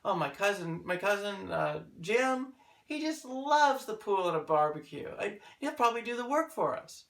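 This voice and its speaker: A man putting on the voice of an excited home buyer, gushing and exclaiming as he imagines a new house. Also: high voice, moderate pace, gravelly, echoey room, exaggerated voice.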